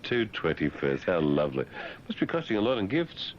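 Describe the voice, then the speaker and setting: Deep-voiced, sardonic radio host. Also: male voice, wildly swooping pitch, brisk, lo-fi sound, a little hiss or hum. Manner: teasing, sardonic, mock-condescending. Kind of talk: talk radio banter.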